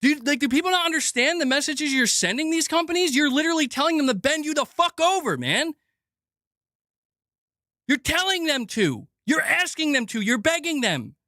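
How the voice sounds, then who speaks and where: A man's voice: extremely high pitch, big pitch swings, moderate pace, sharp tone, no echo, studio quality. A male gaming news streamer in a heated, sarcastic and profane livestream rant.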